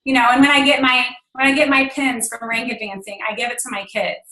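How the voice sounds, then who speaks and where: A woman's voice: fairly high pitch, little pitch movement, brisk, pushed and bright, echoey room, rough recording. A woman in her thirties, a guest speaker on a team call, telling a personal story in an earnest way with many fillers. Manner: earnest, emotional at times, filler-heavy.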